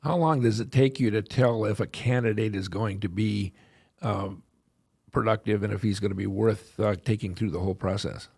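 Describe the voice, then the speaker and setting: Podcast host guy, low raspy voice, dry sound, asks pointed questions. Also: steady tone, normal speed, darkish tone, no echo. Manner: direct, probing questions. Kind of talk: interview questions.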